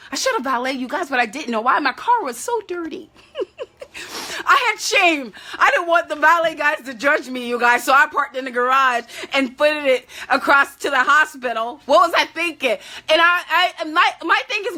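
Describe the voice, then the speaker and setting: Bright, candid woman talking to parents. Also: sits high. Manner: candid and emotional, talks straight to other parents. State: tearful at times. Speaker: parent support vlogger. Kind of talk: heartfelt talk to camera.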